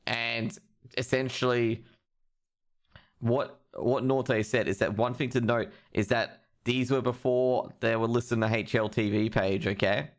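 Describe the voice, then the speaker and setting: A man's voice: medium pitch, fairly even intonation, measured pace. A young man hosting a live stream, ranting with heavy profanity about esports news. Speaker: streamer host.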